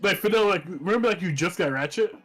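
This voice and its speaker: A man in a casual gaming podcast chat, talking haltingly and filling nearly every phrase with "like". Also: sits high, expressive, soft background music. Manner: halting, filler-heavy, says "like" constantly.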